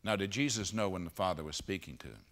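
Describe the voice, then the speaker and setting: A man preaching a sermon at a conference, moving between loud emphatic peaks and hushed low passages. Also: lively intonation, fast talker. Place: conference auditorium.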